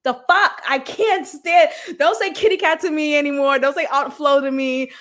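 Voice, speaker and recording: A woman's voice: high-pitched, fairly even intonation, moderate pace, a bit bright. A young adult woman hosting a podcast, talking bluntly and frankly with swearing and laughs. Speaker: podcast host. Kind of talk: candid solo podcast talk.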